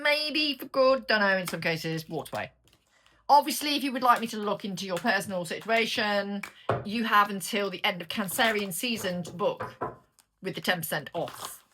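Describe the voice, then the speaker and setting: A woman's voice: fairly low pitch, background noise. A woman with a British accent giving a casual, chatty tarot reading, blunt and sweary as she turns the cards. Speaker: tarot reader.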